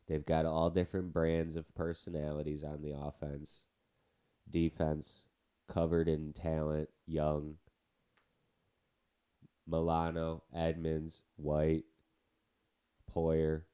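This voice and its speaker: A man with a heavy cold talks sports on his own show, his voice stuffed-up and nasal. It sits very low and mellow as he rambles on with side remarks about his teams. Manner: chatty, rambling with asides. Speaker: podcast host. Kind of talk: casual sports podcast talk.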